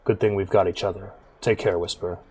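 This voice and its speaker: A man voicing a big, weary bar owner who talks low, quietly and somberly. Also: little pitch movement, brisk, slightly rough. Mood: grave.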